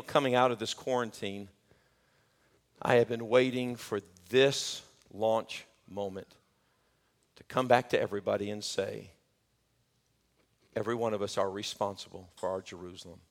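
A male pastor preaching a sermon, swinging from shouted peaks to joking, chatty asides. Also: medium pitch. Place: church sanctuary. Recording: long church hall reverb.

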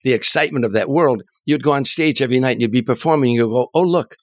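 An older man, a comedian and author, telling animated anecdotes as an interview guest, often restarting his words. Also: mid-range voice, fast, no echo. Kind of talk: storytelling in an interview.

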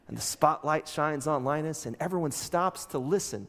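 Pastor preaching in a reverberant church. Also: male voice, fairly high pitch, normal speed, hardly any pauses. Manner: animated storytelling, acts out characters' lines. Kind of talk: sermon. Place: church sanctuary.

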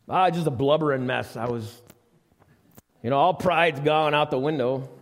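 Male preacher with a lively, reverberant voice. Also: a little high, moderate pace. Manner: conversational, asks the congregation questions. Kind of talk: sermon. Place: church sanctuary. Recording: live church recording with long reverb.

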